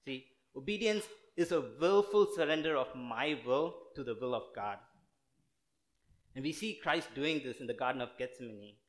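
A man's voice: mid-range voice, lively intonation, normal speed. A young man from India, preaching a casual, earnest sermon full of fillers and restarts. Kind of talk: conversational sermon.

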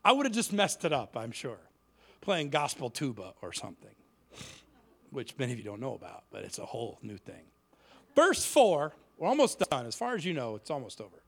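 A man's voice: medium pitch, fairly quick, creaky. A man from the inner city preaching a sermon in a church, telling stories and acting out the voices of the people in them. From Cleveland inner city. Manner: lively storytelling, acts out quoted voices. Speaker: guest preacher.

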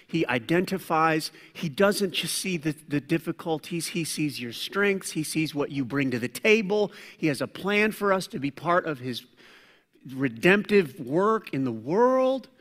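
A man preaching a sermon as pastor, animated, swinging between loud preaching and quiet asides. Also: a little high, measured pace. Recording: long hall reverb.

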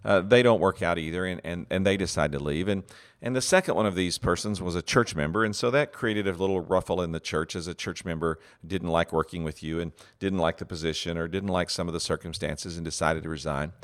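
A man's voice: sits low, a little fast. A man giving a teaching talk on leadership, earnest and full of fillers and restarts, acting out example phrases.

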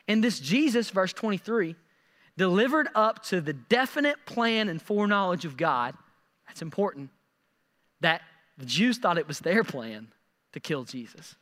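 A man preaching a sermon, animated and repeating words as he acts out scripture quotes. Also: sits high, normal speed, in a large hall. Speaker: pastor.

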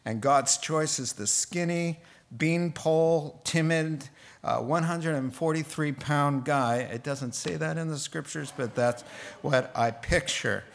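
A man's voice: fairly high pitch, unhurried, vocal fry. A man preaching a Bible sermon in a conversational way, with joking asides. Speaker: pastor.

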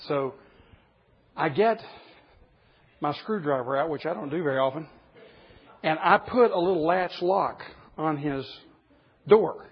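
A man's voice: on the high side, expressive, a little slow, pauses often, breathy edge. Man, pastor, sermon, emphatic storyteller, dull lo-fi recording.

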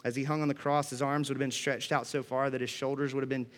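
A man's voice: mid-range voice, little pitch movement, quick pace, a bit bright. A man preaching a sermon, earnest and emphatic, reading scripture aloud and explaining it.

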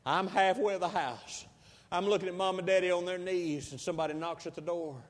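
A preacher from Texas tells a folksy story from the pulpit. His man's voice sits notably high, and the telling grows fervent and intense. A long reverb trails each phrase, as in a big hall. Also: fairly even intonation, brisk. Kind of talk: storytelling sermon.

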